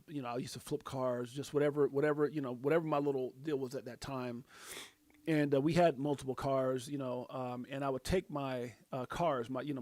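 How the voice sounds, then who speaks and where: A man chats loosely on his live stream, full of fillers and restarts. His voice sits at an ordinary pitch. The sound is dry and close, with no room echo. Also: a little mellow. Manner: rambling, many fillers and restarts, reads viewer names aloud. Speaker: crypto livestream host. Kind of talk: casual live-stream chat.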